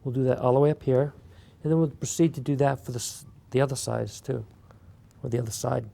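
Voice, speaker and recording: A man hosting a beginner clay sculpting tutorial, talking relaxed and casual while he works. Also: medium pitch, brisk, gravelly. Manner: relaxed, talks while working, many fillers. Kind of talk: step-by-step craft tutorial.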